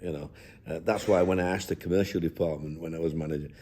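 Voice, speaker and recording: Deep-voiced and a little mellow, an older man who manages a football team keeps a steady tone at a quick pace. He chats reflectively in an interview, reminiscing down-to-earth style with plenty of rambling restarts.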